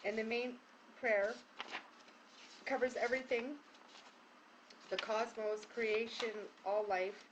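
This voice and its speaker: A woman's voice: on the high side, steady tone, takes it slowly, long pauses, muffled recording, background noise. Woman healer giving loose, rambling instructions. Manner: loose and rambling, with many fillers and restarts. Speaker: spiritual healer leading a group prayer session. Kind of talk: casual spoken instruction. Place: indoor room hung with prayer ties.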